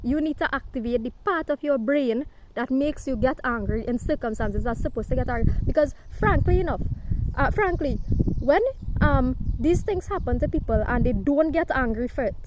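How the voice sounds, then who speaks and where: A woman with a high-pitched voice delivers an impassioned monologue straight to the camera. She preaches forcefully, drops curse words, and tags nearly every sentence with a questioning "right?". Faint background noise sits under her voice. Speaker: spiritual self-help speaker.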